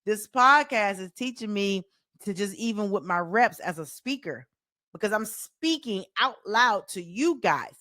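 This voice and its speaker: A woman with a Southern US accent hosting her own coaching podcast, talking in an animated, folksy way and repeating phrases like a preacher. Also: mid-range voice, unhurried, no room sound, clean studio sound. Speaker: life coach and podcast host. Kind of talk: solo motivational podcast talk.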